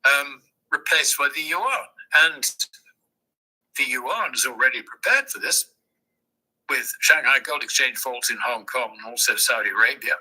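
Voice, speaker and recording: A man as a guest, explaining his analysis in a measured way with hesitant ums. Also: medium pitch, bright, forceful tone, low-quality recording. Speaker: guest commentator. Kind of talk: conversational analysis.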